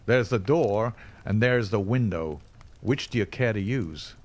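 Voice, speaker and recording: A man voicing a sturdy, hot-tempered old farmer who protects his daughter, gruff and sardonic. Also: fairly low pitch, animated, moderate pace, lightly acted. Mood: angry.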